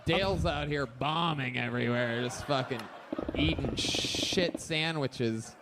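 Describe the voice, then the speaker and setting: A man's voice: mid-range voice, takes it slowly. A man hosting a live comedy show, roasting a guest with crude, mocking humor. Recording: loud background noise with clicks.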